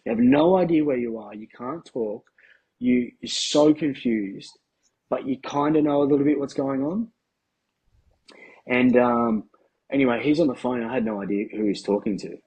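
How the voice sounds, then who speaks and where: An Australian man in his thirties, a guest telling his story bluntly in slangy, halting speech with plenty of ums. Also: medium pitch, darkish tone, husky, rough recording. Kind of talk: candid interview storytelling.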